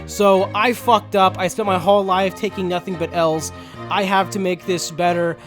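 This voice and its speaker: A hapless young hero, as a man puts him on, sounds lost and deflated, his voice sinking low and flat. Faint music plays underneath. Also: moderate pace, lightly acted. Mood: bewildered. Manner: bewildered, deflated whining.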